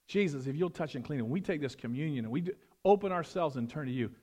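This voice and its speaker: A male pastor preaching a sermon, animated, swinging between loud emphasis and hushed, prayerful tones. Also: a little high, fast, few pauses.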